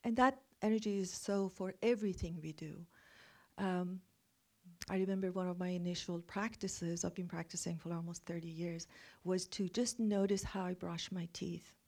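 A middle-aged woman guides a meditation in a soft, unhurried voice. Her tone is mellow and warm, and her pitch sits a little low. She often sinks into breathy near-whispers. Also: steady tone. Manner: gentle, soft-spoken, drifting into breathy half-whispers. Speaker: meditation teacher.

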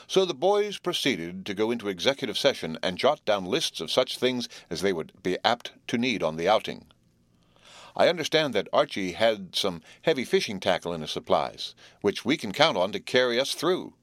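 A man narrating a storybook chapter in a measured, plain way. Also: lowish voice, a bit bright, dry recording, studio quality. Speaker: audiobook reader. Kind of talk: scripted narration.

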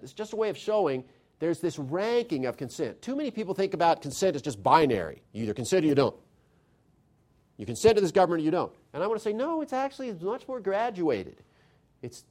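A man lecturing an audience on constitutional theory in a lively, conversational way, often putting questions to the listeners. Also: sits high.

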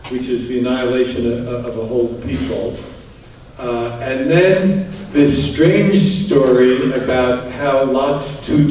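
A man talks slowly through a lecture, with a mellow, unhurried tone as he reads passages aloud and explains them while thinking aloud. His voice sits back from the microphone in a very echoey room, and faint noise hangs underneath. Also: mid-range voice, far from the mic. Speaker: Bible translator giving a talk.

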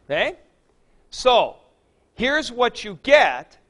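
A man teaching a class, asking questions and answering them himself, often clearing his throat. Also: very high-pitched, sing-song, extremely slow, fairly bright tone. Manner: uses sports comparisons and jokes. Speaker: Greek teacher. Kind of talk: classroom lecture.

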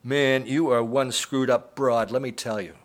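A man's voice: mid-range voice, fairly even intonation, a little slow, voice pushed up, natural voice. A man reading Noonan, crude leering cook. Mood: scornful. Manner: blunt, crude, needling. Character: crude leering male restaurant cook, quick-tempered.

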